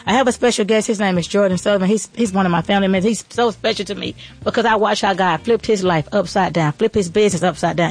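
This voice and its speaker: Fast-talking woman preaching faith. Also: mid-range voice. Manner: fast, excited, preachy, repeats phrases. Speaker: podcast host and restaurant owner. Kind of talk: motivational faith talk.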